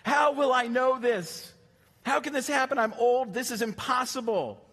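A man's voice: extremely high pitch, moderate pace, fairly bright tone, husky, in a large hall, pitched above the performer's own voice, full character voice. A man playing a flustered, disbelieving old man. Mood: incredulous. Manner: exasperated, incredulous outburst.

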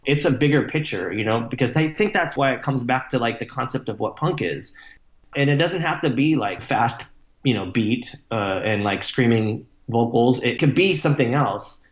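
A man's voice: mid-range voice, expressive, normal speed. A man answers interview questions in a loose, wandering way, swearing freely and leaning on fillers. His voice carries a roomy echo, and the sound is slightly dull. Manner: rambling, profane, many fillers like "like" and "you know". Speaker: musician guest. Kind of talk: casual interview talk.

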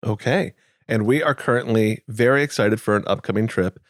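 A man hosts a podcast in a relaxed, affectionate chat. His voice sits a bit low, and the recording is dry and close. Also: normal speed, no room sound. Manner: easygoing, affectionate. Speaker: podcast host. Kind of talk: casual chat.

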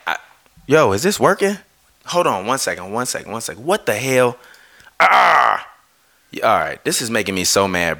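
A man's voice: fairly low pitch, sharp tone. A man ranting on a live stream, heated and swearing, often breaking off to apologize. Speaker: streamer ranting about basketball.

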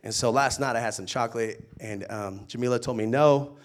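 A young male pastor preaching in an easy, conversational way. He tells playful stories, rising loud and excited, then drops to a soft, hushed tone. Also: mid-range voice, a little fast. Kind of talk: sermon.

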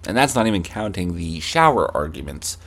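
A man's voice: low voice, big pitch swings, brisk, a bit bright, husky. A young man hosting a comedy podcast, ranting profanely and acting out heated arguments with himself. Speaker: podcast host. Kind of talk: comedic rant.

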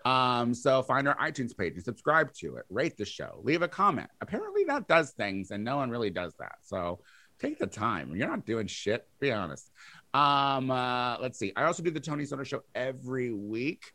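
A man co-hosting a podcast, teasing his friend and chatting casually, sometimes trailing off low. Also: moderate pace, no room sound. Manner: teasing, animated, drops to low mumbles. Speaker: podcast co-host. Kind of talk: casual chat.

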